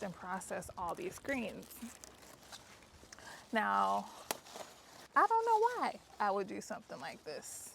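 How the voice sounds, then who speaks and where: A worn-out woman talks to her viewers while she works outdoors in her garden, her voice gravelly and slow, with a faint hiss of background noise. She is chatty and excitable and a little out of breath. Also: medium pitch. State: tired, out of breath. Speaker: gardening vlogger. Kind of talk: casual chat while harvesting.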